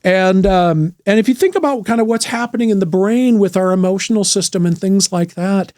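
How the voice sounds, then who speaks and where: A middle-aged man, a therapist and podcast host, talking through trauma healing in a slow, gentle, thoughtful way with frequent restarts. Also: high-pitched, dry recording, clean studio sound. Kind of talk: reflective solo talk on trauma healing.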